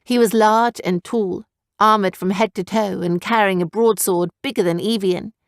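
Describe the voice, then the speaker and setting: Female audiobook narrator, steady storytelling, dry close-mic studio sound. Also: mid-range voice, moderate pace, dry recording. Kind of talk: scripted narration.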